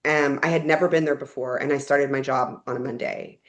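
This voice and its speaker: A young woman from Texas, a podcast guest, telling animated stories about her life and laughing often. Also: extremely low pitch, brisk. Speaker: guest, corporate event planner. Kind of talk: casual storytelling chat.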